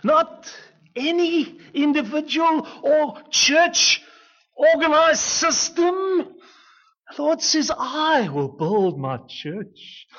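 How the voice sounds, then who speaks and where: A man preaching an expository sermon as pastor, emphatic, with dramatic swings between loud, pleading lines and hushed ones. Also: very high-pitched, lively intonation, drawn-out words. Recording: dull lo-fi recording.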